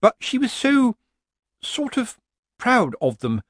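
A man's voice: extremely high pitch, wildly swooping pitch, takes it slowly, a bit bright, dry recording, studio quality, voice pushed up, exaggerated voice. A man voicing a pompous, suspicious committee woman who talks in an accusing tone. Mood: fussy.

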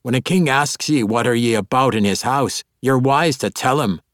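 A man doing a gruff dwarf king. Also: medium pitch, moderate pace, no echo, clean studio sound, voice pushed up, lightly acted. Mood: commanding. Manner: gruff and commanding. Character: gruff old dwarf king, proud and protective.

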